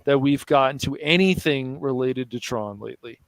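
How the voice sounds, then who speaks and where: A man's voice: medium pitch, moderate pace, no echo. Young male podcast host, casual chat, teasing, laughs a lot, dry close sound. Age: young adult.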